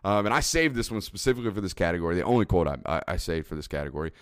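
A man's voice: low voice, animated, very fast, clean tone. A man co-hosting a sports podcast, chatting casually and animatedly, quoting movie lines and laughing. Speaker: podcast co-host.

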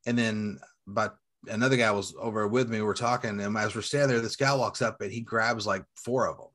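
A man's voice: fairly low pitch, fairly quick. A man in his forties, a toy collector and seller, telling rambling, profane stories in casual chat. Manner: rambling, profane, animated storytelling.

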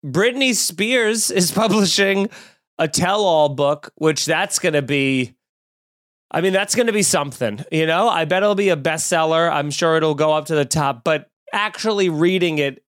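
A man's voice: a little high, normal speed, a bit bright, no echo, studio quality. A man in his thirties hosting a comedy podcast, ranting with sarcastic, mocking energy. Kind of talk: comedic rant.

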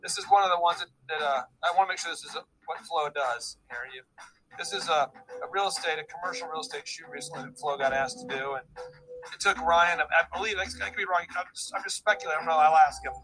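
A man's voice: a little high, fast, background noise. A man hosting a casual podcast chat, rambling and joking, with many restarts. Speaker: podcast host.

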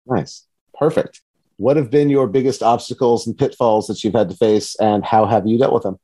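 A man's voice: on the low side, fairly even intonation, moderate pace, mellow. A man interviewing a poet, asking questions and encouraging her with brief replies. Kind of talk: casual interview conversation.

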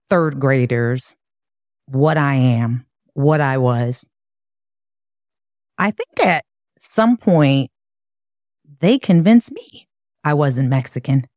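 A woman from Chicago telling her own life story in an earnest, measured, reflective way. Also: low voice, a little mellow, dry recording, studio quality. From Chicago, USA. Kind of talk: personal storytelling.

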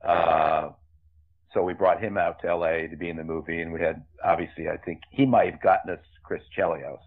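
A man's voice: sits low, little pitch movement, brisk. An older man, a film director, telling rambling, chatty stories with many asides in an interview. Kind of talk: anecdotal interview storytelling. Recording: tinny phone-like remote line.

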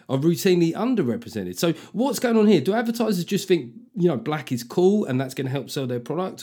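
A man's voice: on the high side, dark tone. A man hosting a podcast, laying out long points and questions with many restarts. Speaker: podcast host. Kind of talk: conversational podcast interview.

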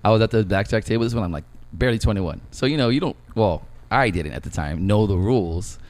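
A young man co-hosting a casual podcast, telling stories in an animated, profane way. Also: lowish voice, fast. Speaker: podcast co-host.

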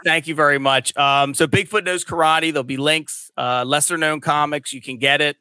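A man's voice: fairly high pitch, fairly even intonation, normal speed, pushed and bright, smooth, dry recording. A middle-aged man hosting a casual chat, rambling with many restarts. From Delaware County, Pennsylvania. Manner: rambling, frequent restarts and fillers. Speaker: podcast host.

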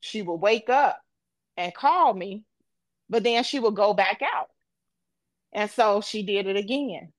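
A woman tells a tense personal story at a middle pitch. She talks in a vivid, emotional, casual way and swears now and then. The sound is dry and close. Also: lively intonation, measured pace, long pauses, no room sound. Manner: emotional, vivid retelling with profanity. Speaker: podcast co-host.

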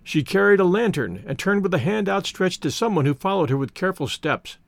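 A man reads a classic novel aloud in the first person, calm and measured. His voice sits a bit higher than most men's. The recording is close and dry, with no room sound. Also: gravelly, dry recording. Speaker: audiobook reader. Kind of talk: scripted narration.

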